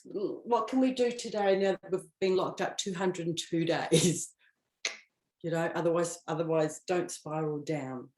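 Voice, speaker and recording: Woman host, lowish voice, chatty and playful, live-stream card reading, roomy echo. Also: a little mellow. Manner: chatty, playful, riffs and laughs, acts out quoted self-talk. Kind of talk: casual live-stream talk. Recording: echoey room.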